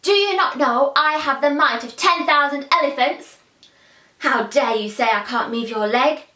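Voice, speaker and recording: A woman voicing a hot-tempered, boastful young prince who shouts when he is cross, in an echoey room. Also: a little high, a little slow. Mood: angry. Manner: shouting, indignant.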